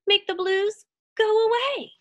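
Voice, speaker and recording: A woman's voice: very high voice, measured pace, fairly bright tone, highs cut off, pitched above the performer's own voice. A woman reading the lines of a usually grumpy storybook toad who has cheered up. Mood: cheery.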